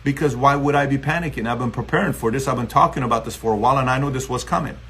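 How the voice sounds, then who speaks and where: A man's voice: medium pitch, rapid-fire, fairly bright tone, slightly rough. A man from Iran with an Iranian accent, hosting a motivational live stream and taking callers, talking emphatically and repetitively.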